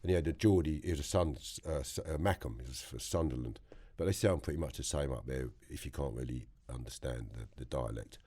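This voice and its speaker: Deep-voiced blunt London man. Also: fairly quick, mellow, breathy edge. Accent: London English. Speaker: podcast guest. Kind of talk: blunt storytelling in conversation. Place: podcast studio.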